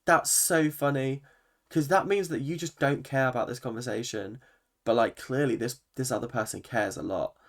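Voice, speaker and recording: A man's voice: mid-range voice, normal speed, gravelly. A man, a vlogger giving an opinionated, swear-laden recap of a reality TV episode. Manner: animated, opinionated, swears freely. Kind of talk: ranting reaction commentary.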